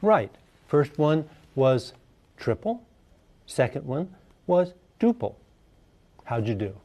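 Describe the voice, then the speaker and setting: A man's voice: on the high side, slow, long reverb tail. A man teaching a music class, asking the students questions and humming rhythms to show the beat. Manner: lively, asks questions, hums rhythms. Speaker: music lecturer. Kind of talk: classroom lecture.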